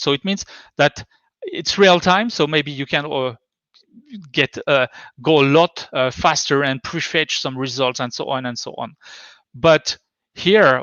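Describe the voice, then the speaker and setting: Male conference presenter, French accent, muffled slightly dull line, halting delivery full of "uh". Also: fairly high pitch, fairly bright tone, dry recording. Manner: hesitant, many fillers and restarts. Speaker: conference speaker. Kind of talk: technical talk with live demo. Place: home.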